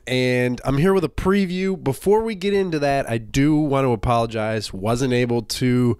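A man talks alone into a close podcast mic, previewing a playoff game in a brisk, stat-packed style. His voice is smooth and clear yet a little nasal, as if he is just getting over a bad cold. The recording is dry, with no room sound at all. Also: mid-range voice, a little mellow, no room sound. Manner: brisk, stat-heavy analysis with frequent "uh" fillers. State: nasal from a recent illness. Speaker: podcast host. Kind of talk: solo sports preview podcast.

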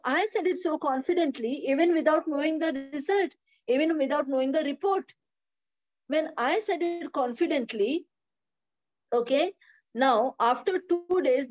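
Woman, Bible teacher on a video call; high, insistent, repetitive, lo-fi sound. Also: darkish tone. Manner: emphatic, repeats phrases, asks rhetorical questions. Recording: dull lo-fi video call audio.

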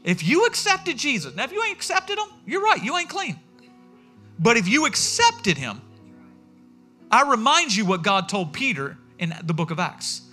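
A man preaching a sermon as pastor in a church, telling stories in a lively way and acting out what people said. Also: very high voice, normal speed, soft background music. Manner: animated storytelling, acting out quotes.

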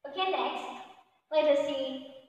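A woman whose first language is Thai, teaching an English grammar lesson in slow, repetitive, non-native English. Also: sits high, muffled recording. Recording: very echoey room with long reverb.

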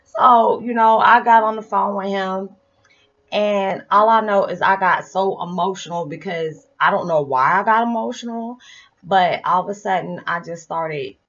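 A woman's voice: mid-range voice, moderate pace, fairly bright tone. A middle-aged woman telling a personal story in a casual, chatty way, full of "you know" fillers. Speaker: storyteller vlogger. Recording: dull lo-fi with background music.

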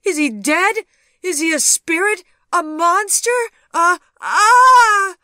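A woman voicing a frantic grown daughter who shrieks and panics in a high, loud voice in a storybook reading. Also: expressive, takes it slowly, dry recording, clean studio sound, exaggerated voice. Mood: terrified.

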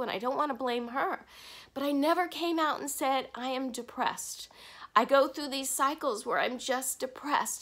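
A woman talking candidly to camera in a personal confessional vlog, halting at times with restarts and soft breaks. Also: high voice. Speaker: vlogger.

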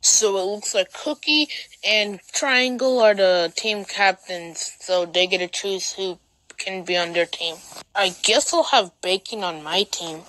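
A woman voicing characters in an amateur animated clip, unscripted and halting, full of fillers. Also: mid-range voice, no room sound, rough recording. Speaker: voices in an amateur object-show clip.

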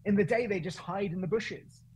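A man's voice: high-pitched, brisk, a little mellow, a little hiss or hum, voice pushed up, close to an everyday voice. A man voicing an anxious local male driver in a Welsh accent, urgent and exasperated.

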